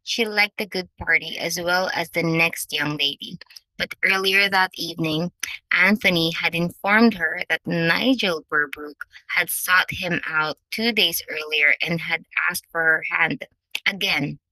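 A woman reading a novel aloud as audiobook narrator, in measured storytelling. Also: lowish voice, pushed and bright, dry recording, rough recording.

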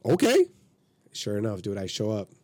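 This man tells a long, rambling story full of swearing and acts out the other people as he goes. His voice sounds warm and relaxed. It is recorded dry and close. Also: mid-range voice, brisk, no room sound. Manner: profane, rambling, acts out quotes. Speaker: podcast guest. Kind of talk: casual storytelling.

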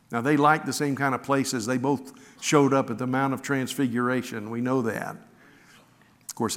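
A man preaches in an earnest voice that sits at a middle pitch. He reads scripture and tells stories. His words ring out with a long reverb from a large hall. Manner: earnest storytelling, repeats words when restarting. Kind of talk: sermon with scripture reading.

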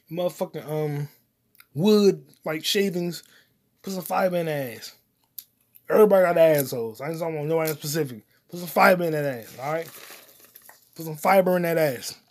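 A man hosting his own solo comedy podcast, cursing often and rambling while he eats popcorn, his voice swinging between loud outbursts and mutters. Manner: profane, loud swings in volume and pitch; eating popcorn while talking. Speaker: podcast host.

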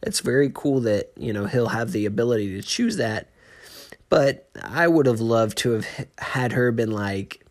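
A man hosting a casual solo podcast, talking in a rambling, excitable way with frequent restarts. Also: mid-range voice, moderate pace. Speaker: podcast host.

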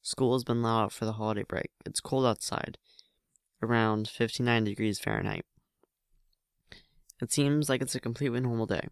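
A man's voice: medium pitch, steady tone, normal speed, long pauses, clear, resonant tone, no echo, clean studio sound. A man narrating a story aloud in a plain reading voice, with frequent slips and restarts.

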